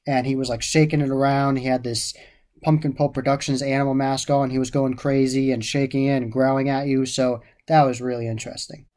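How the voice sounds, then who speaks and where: A man's voice: mid-range voice, a little mellow. A man giving a casual, enthusiastic spoken review of a haunted attraction, often repeating how much he loved the details.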